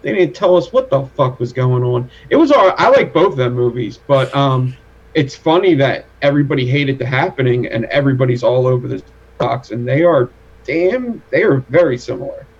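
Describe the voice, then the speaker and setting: A man in a casual group chat, blunt and profane, cracking dark jokes. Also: medium pitch, animated, normal speed, slightly rough, highs cut off.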